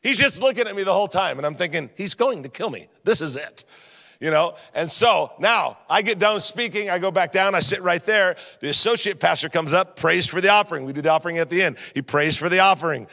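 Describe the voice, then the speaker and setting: Gravelly-voiced pastor preaching with jokes. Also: male voice, high-pitched, quick pace, few pauses. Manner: animated, jokey, talks straight to the crowd. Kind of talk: sermon with humorous storytelling. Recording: long reverb of a large hall.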